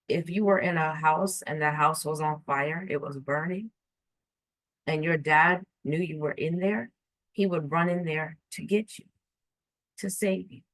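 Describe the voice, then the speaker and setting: A woman telling a personal story in an earnest, halting way, often restarting and repeating her words. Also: low-pitched, dry recording, poor audio.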